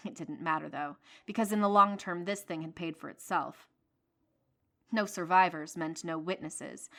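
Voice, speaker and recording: Woman reading a sci-fi story out loud, bright clear voice, steady and expressive. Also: fairly low pitch. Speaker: story narrator. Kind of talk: scripted audiobook narration.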